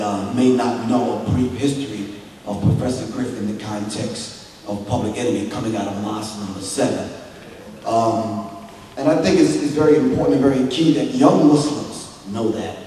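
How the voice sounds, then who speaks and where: A man's voice: mid-range voice, dark tone. A man from Long Island, New York, giving a public lecture in a preacherly way that builds to emphatic, rising delivery. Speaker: speaker at an event. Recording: echoey hall, distant mic, faint noise.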